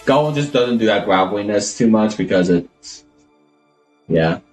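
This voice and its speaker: A man's voice: fairly low pitch, lively intonation, moderate pace, darkish tone, faint music behind. A man live streaming, chatting casually and rambling as he thinks aloud, always calling himself Goblin in the third person.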